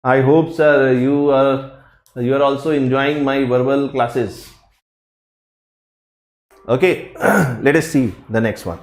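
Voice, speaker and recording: Slow, repetitive teacher. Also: male voice, medium pitch, steady tone, darkish tone, reverberant. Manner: slow, repeats phrases and drills them. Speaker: English teacher. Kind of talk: live online grammar class.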